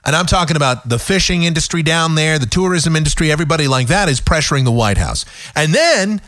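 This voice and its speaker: A man's voice: on the high side, expressive, fast talker, a bit bright, no room sound, studio quality. A man hosting a talk radio show, ranting sarcastically in an opinionated monologue. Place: radio studio.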